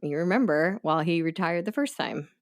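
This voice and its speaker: Brief: deep-pitched woman host, casual chatty storytelling, quick asides. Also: lively intonation. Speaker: podcast host.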